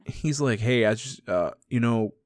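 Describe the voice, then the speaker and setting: A man's voice: medium pitch, a little slow, a little mellow, no echo. A man chatting casually and retelling a story, laughing often and swearing freely.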